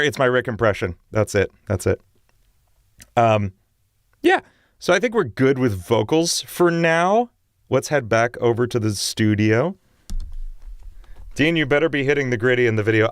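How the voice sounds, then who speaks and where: A young man chats on his music livestream from a home studio, his talk loose and rambling and broken by quick laughs. His voice sits at an ordinary middle pitch, and the sound is dry, with no room echo. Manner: excitable, rambling, laughs often. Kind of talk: casual livestream chat.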